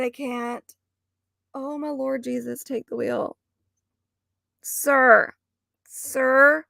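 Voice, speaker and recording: Bright high-voiced ranting woman. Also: measured pace, vocal fry, no room sound, clean studio sound. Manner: animated, ranting and exasperated. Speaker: stream co-host. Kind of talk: casual chat.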